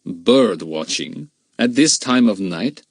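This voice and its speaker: A man voicing a polite, commanding foreign man who leads a band of kidnappers, speaking slowly and with measured courtesy. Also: fairly low pitch, expressive, dry recording, studio quality, heavily acted. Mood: coldly polite. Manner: slow, measured, coldly courteous.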